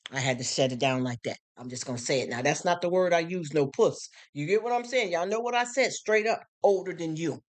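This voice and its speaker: A woman's voice: on the low side, a little fast, hardly any pauses. A middle-aged woman live streaming, talking bluntly and emphatically with many repeated words while reacting to viewer comments. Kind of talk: casual live stream monologue, reading comments.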